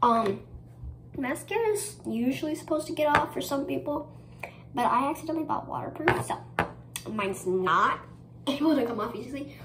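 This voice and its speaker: A woman's voice: high voice, lively intonation, moderate pace, pauses often. A young woman chatting casually in a get-ready-with-me vlog, rambling with lots of fillers and giggles. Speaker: vlogger. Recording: echoey room with ambient noise.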